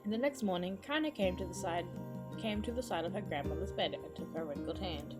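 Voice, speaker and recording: A woman with a fairly low voice reads a game's story briskly on stream, with loud game music in the background. She's relaxed and chatty, interrupting herself to swear at the game.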